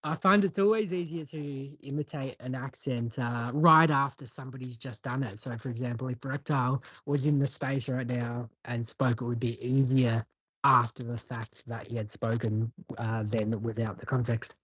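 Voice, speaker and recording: A man taking part in an online audio chat, speaking in a measured, thoughtful way. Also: medium pitch, fairly even intonation, fairly bright tone, husky, no echo, poor audio. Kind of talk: casual chat.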